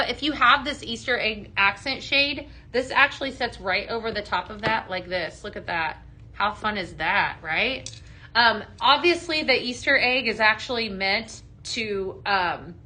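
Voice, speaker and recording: A woman's voice: fairly high pitch, bright, forceful tone. A woman hosting a live shopping show, gushing over products with many ums and reading out viewer comments. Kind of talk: live product demo chat.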